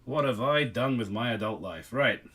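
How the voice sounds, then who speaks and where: A man's voice: mid-range voice, lively intonation, moderate pace, heavy background noise. A young man hosting a livestream, reading aloud and thanking donors in a wry, sweary way. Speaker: livestream host. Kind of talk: casual livestream commentary.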